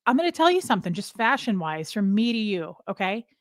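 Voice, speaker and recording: A woman's voice: medium pitch, big pitch swings, fairly quick, no echo, clean studio sound. A woman hosting a casual livestream, rambling from topic to topic and greeting viewers by name. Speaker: livestream host. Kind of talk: casual live chat with viewers.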